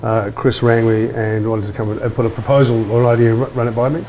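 Fast-talking offhand New chef. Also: male voice, mid-range voice, flat delivery, warm tone, slight background noise, poor audio. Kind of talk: casual chat.

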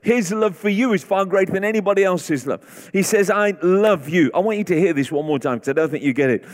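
Speaking fairly quickly with hardly any pauses, a high-voiced guest preacher repeats short declarations that swell in intensity. The sermon takes place in a large church sanctuary, and the recording carries a large hall's long reverb.

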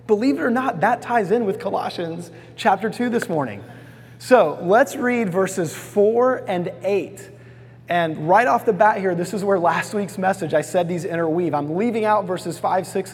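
Preacher, man, high husky voice, folksy sermon, long reverb. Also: a little mellow. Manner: folksy storytelling, asks congregation to repeat words. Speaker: pastor.

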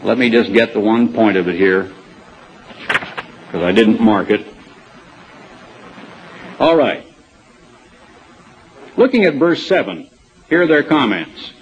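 A man's voice: lowish voice, expressive, slow pace, long pauses, a little hiss or hum. A man preaching a sermon in a conversational way, reading aloud and adding asides and rhetorical questions. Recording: dull lo-fi sermon tape.

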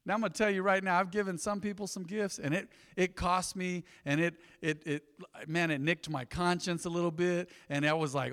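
Folksy pastor preaching in a reverberant hall. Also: male voice, high-pitched, fairly even intonation, a little fast, hardly any pauses, clear, resonant tone. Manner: folksy storytelling with sudden loud bursts and soft asides. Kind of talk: sermon. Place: church sanctuary.

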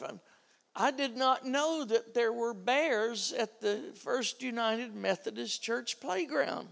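A man's voice: very high-pitched, slow, gravelly, fairly bright tone. A middle-aged man preaching a sermon, telling a family story and acting out its dialogue.

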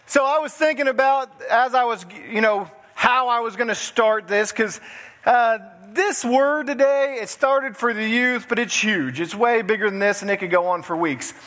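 A man's voice: very high-pitched, moderate pace, fairly bright tone, in a large hall. A man, a pastor preaching a folksy sermon in a church. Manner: folksy, chuckles through the story. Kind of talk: sermon with storytelling. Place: church sanctuary.

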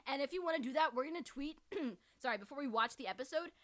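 Woman, podcast co-host, casual chat, rambling with fillers, high bright voice. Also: animated, quick pace. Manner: rambling explanations full of "like" and "um".

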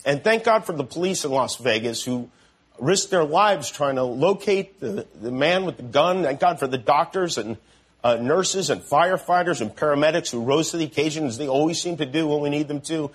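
A man in his fifties making an earnest, emotional on-air appeal, halting and restarting as his voice wavers. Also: fairly high pitch, slightly rough. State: emotional, voice breaking.

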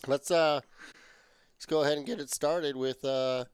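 A man's voice: a little high, fairly even intonation, moderate pace, heavy background noise. A man hosting a casual sports podcast, trading easygoing, joking banter with his brother. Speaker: podcast host.

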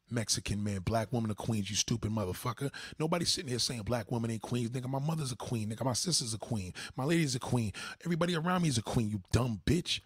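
A man hosting a livestream, delivering a profane, heated rant at his chat and swinging from low mutters to high outbursts. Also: animated, quick pace, few pauses, breathy edge, dry recording, studio quality. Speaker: livestream host. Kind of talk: ranting monologue to a live chat.

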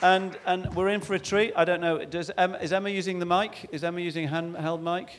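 A man's voice: high voice, steady tone, crowd noise, background noise. A man hosting a church event, introducing the speakers with lots of ums and restarts. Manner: rambling, halting, full of ums and restarts. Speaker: event host. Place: church hall.

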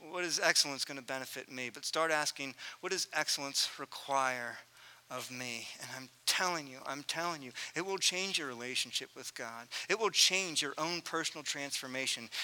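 A man in his thirties preaching a sermon, telling a family story earnestly and swinging from loud to hushed. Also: a little high. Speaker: pastor.

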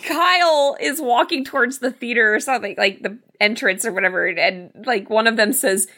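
A woman co-hosting a podcast in casual chat, animated and incredulous as she reads from her notes. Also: a little high, normal speed. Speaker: podcast co-host.

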